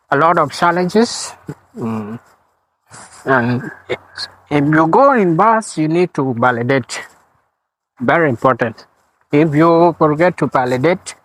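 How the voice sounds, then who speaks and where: A man speaking as an in a casual outdoor vlog, talking slowly and repeating his points while walking through a park with a phone camera. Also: on the high side, a bit bright, poor audio. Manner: slow and repetitive, restating points. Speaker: vlogger.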